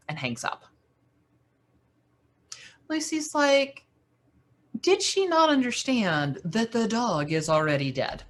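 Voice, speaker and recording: A woman speaker telling an animated story to business owners, with dramatic swings in her delivery. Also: on the high side, takes it slowly, long pauses. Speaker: keynote speaker.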